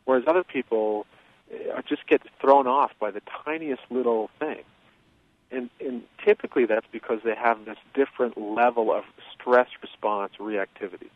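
Male expert guest, measured and explanatory, heard over a dry, phone-like line. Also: medium pitch, no echo. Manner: measured, explanatory, many fillers. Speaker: guest expert on childhood trauma. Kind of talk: interview explanation. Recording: tinny phone-line sound.

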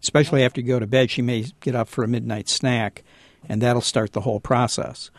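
A man with a gravelly, fry-touched voice talks through dog-training advice on a radio call-in show. He explains patiently, stumbling and restarting often. The studio sound is close and dry. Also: medium pitch, steady tone, fairly quick, dry recording.

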